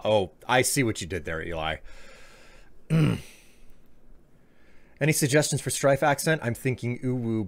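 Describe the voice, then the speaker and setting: A man streaming live, chatting casually, rambling and joking as he reads his chat. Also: on the low side.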